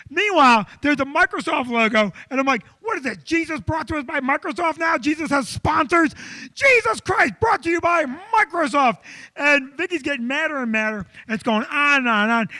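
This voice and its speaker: Man, comic storyteller, loud, animated, very high voice, dry close sound. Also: no room sound. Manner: animated, loud, acts out quotes. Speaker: comedian co-host.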